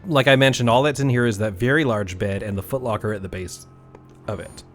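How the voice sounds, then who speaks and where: A man narrating as game master of a tabletop game, lively and full of fillers and chuckles. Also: medium pitch, brisk, soft background music.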